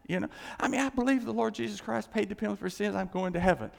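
A man preaching a sermon in a high, gravelly voice that swings up and down. He acts out quoted voices and drops into hushed asides, and his words ring with the long reverb of a church hall. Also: animated, brisk. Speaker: pastor.

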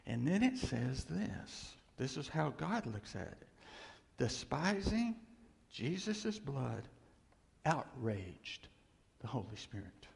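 A male preacher delivering a sermon, swinging from loud emphasis to hushed near-whispers and acting out quoted voices. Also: medium pitch, very animated, slow pace, vocal fry. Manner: acts out voices of doubters and God in quotes. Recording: long hall reverb.

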